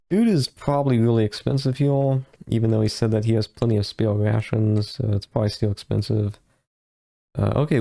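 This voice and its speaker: A man's voice: fairly low pitch, creaky, warm tone. A man giving casual, rambling commentary while playing a game, with frequent hesitations and restarts. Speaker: let's play host.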